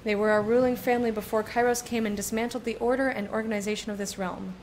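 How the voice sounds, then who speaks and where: A woman's voice: a little high, fairly even intonation, fast talker, darkish tone, a little hiss or hum, natural voice. A woman reading aloud as a stern, battle-hardened male soldier guard in a video game, curt and firm.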